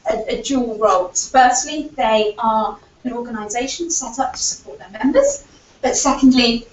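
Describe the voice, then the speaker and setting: A woman's voice: fairly high pitch, expressive, normal speed. Woman conference speaker, earnest, filler-heavy talk, voice slightly recovering; dull lo-fi recording with faint noise. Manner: earnest, argumentative, frequent fillers like "kind of". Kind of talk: conference presentation. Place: lecture hall. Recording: echoey hall, distant, dull lo-fi audio.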